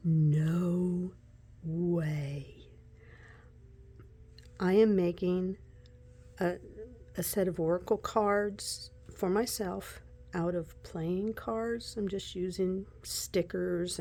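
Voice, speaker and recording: Slow, mellow-voiced chatty woman. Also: lowish voice. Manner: chatty and excitable, slipping into soft whispers. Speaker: tarot deck reviewer. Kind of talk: casual deck walkthrough.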